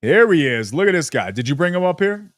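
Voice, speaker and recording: A man's voice: fairly high pitch, very animated, a little fast, dry recording. Male podcast host, casual rambling chat, dry close mic. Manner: rambling, self-aware, hedging.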